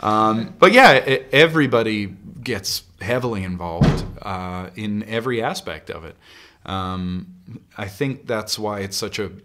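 A man being interviewed as a band member, answering with dry, deadpan humour. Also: lowish voice, a little slow, heavy background noise. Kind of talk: casual interview chat.

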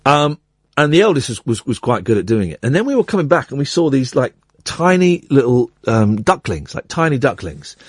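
A middle-aged man hosting a radio show, telling an anecdote with lively acted-out quotes. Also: medium pitch, a little fast, husky, no echo, clean studio sound. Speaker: radio host.

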